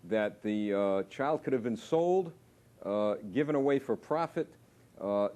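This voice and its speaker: A man detective speaks as a talk show guest in a mellow, dark-toned voice. He talks in a measured way, pausing on "uh" as he stresses his points. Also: fairly low pitch. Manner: measured, with emphatic hesitations.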